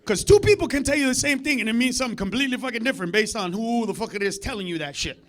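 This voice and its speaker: A male stand-up comic works a club stage through a handheld mic. He rants profanely in loud bursts. His voice sits high for a man. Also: animated, racing. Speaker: stand-up comedian. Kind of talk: stand-up comedy set.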